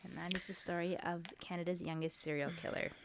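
Chatty, animated woman podcast host. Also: on the low side, fast, a little hiss or hum. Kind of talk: casual chat.

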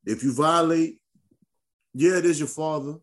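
A man hosting a podcast in casual chat, talking in an animated, slangy, emphatic way. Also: on the high side, unhurried. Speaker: podcast host.

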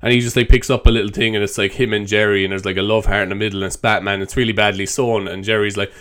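Young Irish guy, solo comedy podcast host, loose and sweary, smooth resonant voice. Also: fairly low pitch, flat delivery, rapid-fire, hardly any pauses, fairly bright tone. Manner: rambling, swearing, self-mocking.

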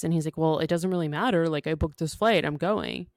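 An easygoing woman recaps a book on a podcast, slipping quick acted-out quotes into her retelling. Her voice sits low and sounds smooth and clear. It is dry and close to the mic. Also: steady tone, darkish tone, dry recording. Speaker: podcast co-host.

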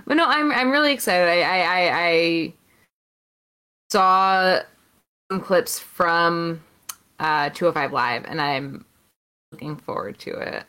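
Bright-voiced woman in casual chat. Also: fairly low pitch, takes it slowly, pauses often, clear, resonant tone. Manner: candid, excitable, swears freely. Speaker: podcast co-host.

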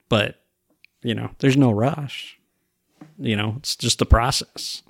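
Gravelly man telling stories casually. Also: medium pitch, steady tone, slow pace, pauses often, dry recording, clean studio sound. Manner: rambling, filler-heavy, retells dialogue. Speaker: podcast guest. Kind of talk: casual conversation.

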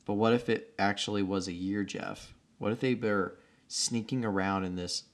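A man co-hosting a casual movie recap, joking and acting out characters in big high voices. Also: steady tone, moderate pace. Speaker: podcast co-host.

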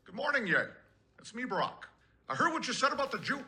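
A man doing a crude parody impression of an older former president, in a calm, measured delivery with odd pauses. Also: very high-pitched, full character voice. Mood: mocking. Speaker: caller.

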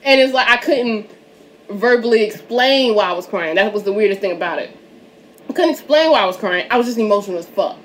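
A woman's voice: mid-range voice, expressive, brisk, slight background noise. A woman hosting a casual podcast chat, talking candidly, swearing and laughing often. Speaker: podcast host.

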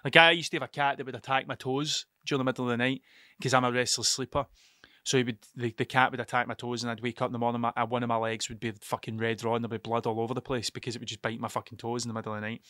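Guy podcasting solo, bright voice, swears a lot, keeps cutting himself off, dry close sound. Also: mid-range voice, level tone, racing, no room sound. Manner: rambling, sweary, self-interrupting. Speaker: podcast host. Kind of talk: casual solo podcast storytelling.

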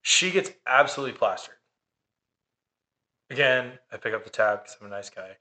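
A man's voice: mid-range voice, moderate pace, bright, forceful tone. A man telling a dating story in casual chat, sarcastic and swearing freely. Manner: sarcastic, profane.

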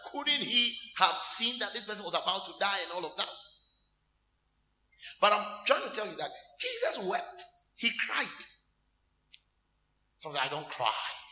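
His voice sitting high and the room sounding spacious, a minister preaches with animation. He asks the congregation call-and-response questions, acting out moments with laughs and fake crying.

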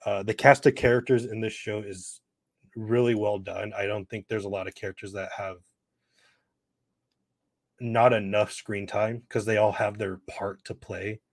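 A man with a fairly low voice talks eagerly as a podcast co-host, dropping casual swears. The sound is dry and close, with no room around it. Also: fairly even intonation, moderate pace, no room sound.

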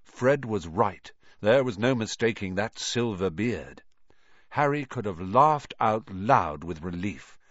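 A man reading a storybook aloud as narrator, in an expressive, animated way. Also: fairly low pitch, takes it slowly, dry recording, lo-fi sound. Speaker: audiobook reader.

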